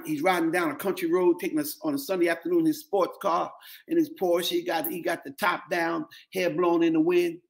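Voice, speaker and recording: Man, middle-aged, pastor preaching, African-American English accent, high voice, repeats phrases, calls to the congregation. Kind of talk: sermon.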